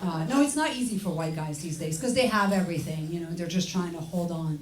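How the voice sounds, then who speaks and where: A woman from France with a French accent, performing a stand-up comedy set in a sardonic, deadpan manner with frequent cursing. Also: on the low side, fairly quick. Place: comedy club stage. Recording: echoey club, distant mic, audience noise.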